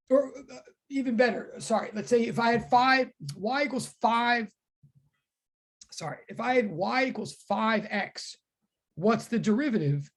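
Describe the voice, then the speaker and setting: A woman teaching a physics class online, talking in quick self-correcting bursts. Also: on the high side.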